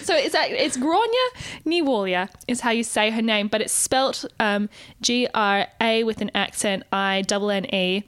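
A woman's voice: a little high, lively intonation, moderate pace, hardly any pauses, a bit bright, clean tone. A woman co-hosting a podcast, telling a story in a chatty way and laughing often. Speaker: podcast co-host. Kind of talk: casual chat.

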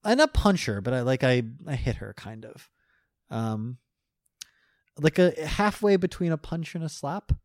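A man's voice: a little high, very animated, unhurried, dry recording, studio quality. A man telling a personal story in casual chat as a guest, rambling, restarting sentences and laughing often.

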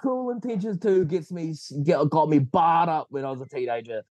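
A man's voice: fairly high pitch, fairly quick, darkish tone, no room sound. A young man with a New Zealand accent, chatting casually as a podcast guest, rambling and laughing often. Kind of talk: casual chat.

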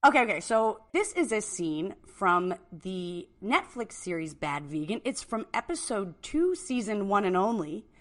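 A woman hosting a podcast in casual chat, playful and quick to laugh, with casual swearing. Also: mid-range voice, big pitch swings, fairly bright tone. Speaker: podcast host.

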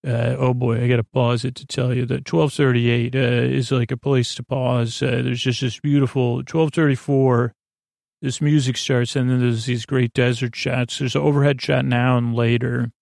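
Gravelly man, flat delivery, halting casual recap host, lots of "uh"s, dry close mic. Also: medium pitch, no echo. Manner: halting, many fillers and restarts. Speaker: podcast host.

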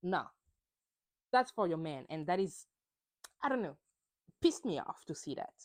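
Animated woman recapping reality TV. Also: fairly low pitch, unhurried, no room sound. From France. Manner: opinionated and animated, acts out quotes. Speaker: podcast host. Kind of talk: solo recap chat.

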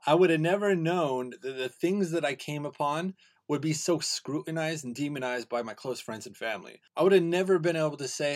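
A young man hosting his own podcast, talking in an earnest, excitable monologue that rambles and restarts. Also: fairly high pitch, brisk. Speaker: podcast host.

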